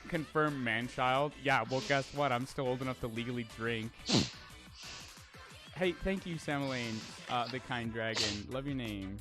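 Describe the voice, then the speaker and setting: A man's voice: medium pitch, unhurried, music in the background. A young man streaming live, reading chat aloud and answering in a brash, profane way with lots of stammered restarts.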